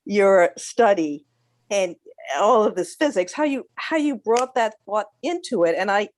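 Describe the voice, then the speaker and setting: A woman posing a question to a speaker, effusive and appreciative, stumbling and restarting as she goes. Her voice is mid-pitched and recorded dry, with no room sound around it. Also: lively intonation, a little slow, dry recording. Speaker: audience member asking a question.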